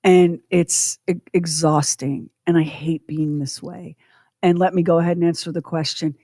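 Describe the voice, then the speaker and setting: A woman's voice: on the low side, steady tone, moderate pace, warm tone, dry recording, clean studio sound. A middle-aged woman co-hosting a podcast, telling a personal story in an earnest, reflective way. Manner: earnest, reflective, speaking openly about her past. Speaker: podcast co-host.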